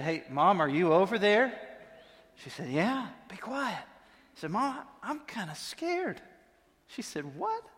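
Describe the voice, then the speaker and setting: Guy preaching, high voice, chatty storytelling, big echoey church hall. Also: a bit bright. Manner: storytelling, conversational, with dramatic pauses. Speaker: pastor. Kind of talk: sermon. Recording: long reverb of a large hall.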